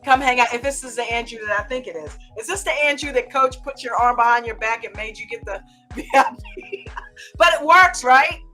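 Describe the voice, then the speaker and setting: Fairly high-pitched and sharp, this woman talks briskly with faint music playing behind her. She's an American host of a live trading chat stream from the United States who teases playfully, laughs a lot, and greets viewers by name.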